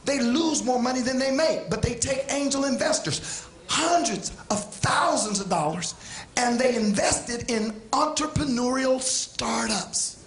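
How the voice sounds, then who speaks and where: A man preaching a sermon with passion, swinging from shouts down to quiet asides. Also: extremely high pitch, measured pace, roomy sound, slight background noise. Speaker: pastor. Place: church sanctuary.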